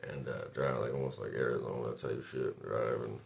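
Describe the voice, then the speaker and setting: A man with an extremely deep, low voice recounts a story in a relaxed vlog. He wanders through it casually, swearing often and leaning on fillers as he goes. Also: fairly quick, creaky. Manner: rambling, profane, loose retelling full of fillers. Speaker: vlogger.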